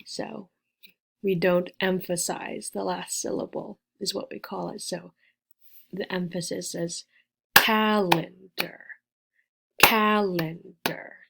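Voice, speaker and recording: A woman teaching a beginner English lesson, spelling out and repeating words slowly with careful, clear pronunciation. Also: lowish voice, flat delivery, slight background noise.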